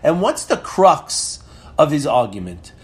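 A man's voice: fairly high pitch, big pitch swings, a little slow. A man giving a Torah class lecture, reading Hebrew verses aloud and explaining them in English, retelling the commentary dramatically and asking pointed questions. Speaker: Torah teacher.

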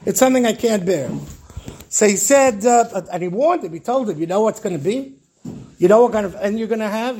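A man's voice: high voice, breathy edge. A man, a rabbi, telling stories in a Torah class and acting out the characters' dialogue, with Hebrew terms woven in.

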